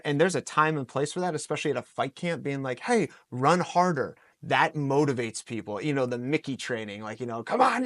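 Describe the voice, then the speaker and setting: A man in his forties, a coach talking as a podcast guest, telling lively stories and acting out the things he says to his fighters. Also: mid-range voice, no room sound. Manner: animated, storytelling with acted-out quotes. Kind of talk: podcast interview answers.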